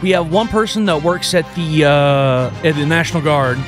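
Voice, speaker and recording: High-voiced, joking male radio host. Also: moderate pace, music in the background. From Houston, Texas. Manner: energetic, joking, self-deprecating. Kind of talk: casual radio show opening.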